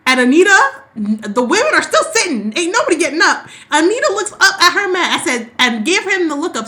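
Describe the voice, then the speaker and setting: A woman co-hosting a podcast, casually recapping a soap opera and acting out the characters' lines in quick, sassy asides. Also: extremely high pitch. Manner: animated storyteller who acts out characters' lines. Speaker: podcast co-host.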